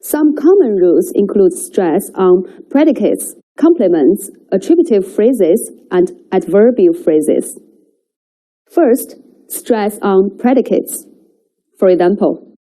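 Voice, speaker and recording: Woman, language teacher, slow and deliberate, careful enunciation, very warm dark tone, lesson-style read-alouds. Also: mid-range voice, lively intonation, rough recording.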